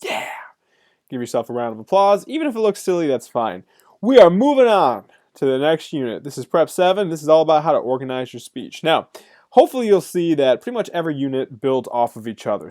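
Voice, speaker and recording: A man's voice: mid-range voice, dark tone. A man teaching a recorded college course lecture, upbeat and jokey as he speaks straight to his students. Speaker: college instructor.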